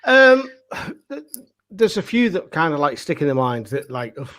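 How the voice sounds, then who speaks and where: A man who performs as a pantomime dame, speaking as a guest in casual chat with halting, stammering starts. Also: on the high side, big pitch swings, fairly bright tone.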